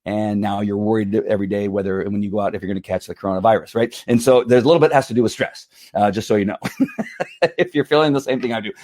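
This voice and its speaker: A middle-aged man talks casually on his livestream, his lowish voice a little hoarse from strain. He rambles, stumbles over repeated words and breaks into laughs as he goes. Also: steady tone, fast, a little mellow. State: slightly hoarse from strained vocal cords. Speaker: livestream host.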